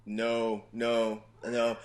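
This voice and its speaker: Talking extremely slowly in a mid-range voice, this thirty-something podcast guest chats casually. He tells animated, profane stories about his family in a loose manner.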